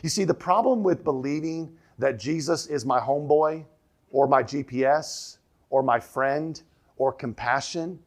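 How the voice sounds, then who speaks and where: Emphatic male pastor preaching. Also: fairly high pitch. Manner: emphatic, repeats key lines, slows and drops to near whisper for quoted question. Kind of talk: sermon. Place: church sanctuary.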